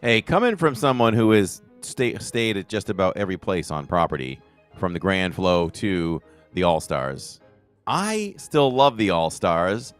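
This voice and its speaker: A man with a low voice co-hosts a casual podcast, chatting in a rambling, animated way. Soft music plays faintly underneath. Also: measured pace, smooth. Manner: animated, rambling, rises in pitch when excited. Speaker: podcast co-host.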